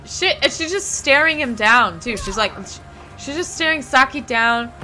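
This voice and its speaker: Bright, enthusiastic woman esports caster. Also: high-pitched, lively intonation, moderate pace, faint music behind, poor audio. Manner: enthusiastic play-by-play, loud exclamations. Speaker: fighting game commentator. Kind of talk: casual esports commentary.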